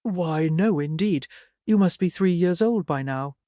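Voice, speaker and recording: Remorseful young gentlewoman, read by a narrator, earnest, soft and lifted, dry close sound. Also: mid-range voice, animated, a little slow, no echo, natural voice. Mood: warm.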